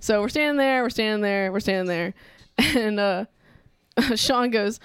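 A woman in her thirties co-hosting a podcast, telling a story in a casual, animated way and laughing often. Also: medium pitch, unhurried, clear, resonant tone, no echo, clean studio sound. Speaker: podcast co-host. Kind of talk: casual chat.

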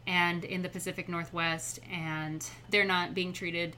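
A young adult woman speaking as a podcast guest in casual conversation, chatty and quick to laugh. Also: fairly low pitch, little pitch movement, pushed and bright, a little hiss or hum.

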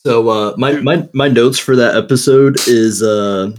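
A man co-hosting a casual chat, talking haltingly with many fillers and restarts, laughing often. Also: medium pitch. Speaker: podcast co-host.

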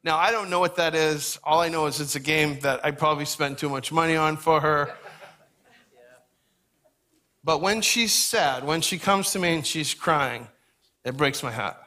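A middle-aged man gives a sermon in a relaxed, conversational manner and slips in friendly asides. His voice sits a little high and rings bright and clear. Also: moderate pace. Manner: conversational, folksy preaching with asides. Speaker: pastor.

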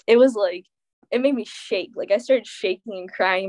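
A woman's voice: mid-range voice, moderate pace. A teenage girl telling a dramatic personal story in casual chat, full of fillers and quoted dialogue. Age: teens. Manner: animated storytelling, many fillers. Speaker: teen guest.

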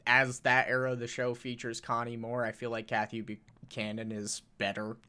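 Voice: mid-range voice, flat delivery, moderate pace, pushed and bright, smooth. A podcast guest in casual chat, teasing and giggly, with lots of filler words. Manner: giggly, teasing, many likes.

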